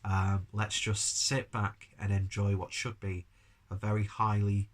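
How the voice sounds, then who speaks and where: A man's voice: fairly low pitch, completely flat delivery, a little slow. A man coming down with a cold, reviewing beer in a rambling, chatty vlog style with casual swearing. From United Kingdom.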